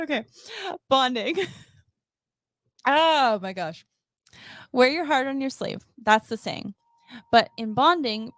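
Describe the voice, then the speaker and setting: A woman co-hosting a casual comics talk show, joking sarcastically and reading blurbs. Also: on the high side. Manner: playful, sarcastic, giggly. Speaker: podcast co-host at a comic shop.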